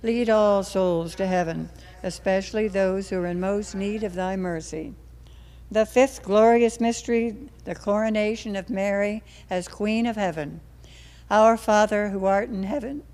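Smooth-voiced woman leading the rosary. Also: medium pitch. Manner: steady measured recitation, trailing off softly at line ends. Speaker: rosary prayer leader. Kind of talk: recited prayer.

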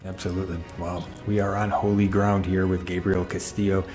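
A man hosting a religious talk show, speaking in a measured, explanatory way with occasional fillers. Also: deep voice, level tone, darkish tone, soft background music. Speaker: host.

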